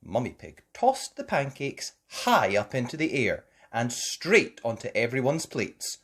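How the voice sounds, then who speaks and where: Slow, lilting woman reading to kids. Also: extremely low pitch, very animated, husky. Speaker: story reader. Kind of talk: children's storybook read-aloud.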